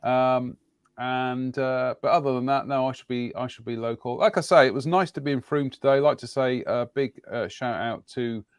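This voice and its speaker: A man hosts a relaxed live-stream chat from a home studio. His voice is a little croaky tonight, and he rambles on in a friendly, jokey way. The sound is close and dry. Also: mid-range voice, moderate pace, dry recording. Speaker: host.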